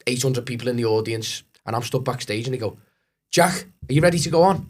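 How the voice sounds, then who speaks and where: A comedian from Liverpool with a softened Scouse accent, telling stories in a casual podcast chat, swearing freely and acting out other people's voices. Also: male voice, mid-range voice, fast talker, hardly any pauses. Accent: Liverpool Scouse, toned down. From Liverpool, England. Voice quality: animated, swears a lot, acts out voices. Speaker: comedian guest.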